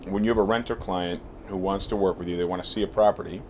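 A man hosting a team chat at his real estate agency, talking in a relaxed, plain-spoken way and explaining at length. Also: low-pitched, fast, slight background noise. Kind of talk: casual group chat, then workplace talk.

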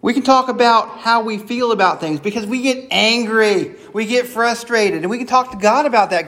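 Guy with a high voice preaching about prayer, earnest and chatty, talks like he's praying right there. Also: normal speed, hardly any pauses, a bit bright. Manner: earnest, acts out sample prayers in a conversational tone. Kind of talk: sermon.

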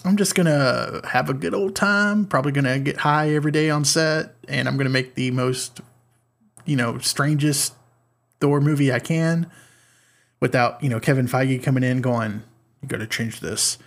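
A man doing a rough impression of a relaxed male film director, openly failing at the accent. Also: medium pitch, moderate pace. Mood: laid-back. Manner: sloppy impression, admittedly missing the accent. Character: mellow laid-back male film director.

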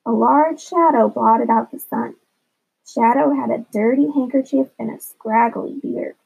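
A woman, a teacher, reading a children's chapter book aloud in an expressive storytelling manner. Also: on the high side, measured pace, vocal fry, breathy edge. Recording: dull lo-fi recording.

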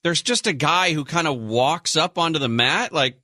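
A man co-hosting a talk radio show, chatting casually and telling stories with sarcastic, animated flair. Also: a little high, normal speed, few pauses, dry recording, studio quality. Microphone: studio microphone.

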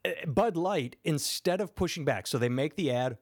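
A man's voice: medium pitch, animated, normal speed, no room sound, clean studio sound. A man hosting a casual podcast chat, telling a story and thinking aloud as he goes.

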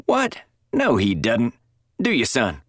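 A man voicing a gruff, blustering prison colonel who talks curtly and dismissively. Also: medium pitch, wildly swooping pitch, slow, no echo, studio quality, voice pushed up, heavily acted. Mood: brusque. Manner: curt, dismissive, barking.

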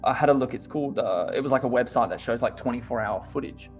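A man's voice: medium pitch, fast, soft background music. A young man, talking in a casual chat. He tells stories animatedly, fills his speech with "like" and swears often. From Australia. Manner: swears a lot, heavy use of "like", animated storytelling.

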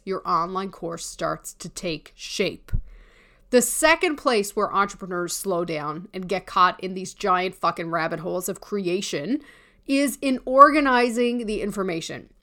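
A woman's voice: mid-range voice, a bit bright. Candid, swearing woman coach. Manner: candid, swears casually, teasing asides. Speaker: online course coach. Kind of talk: promotional talk on course creation.

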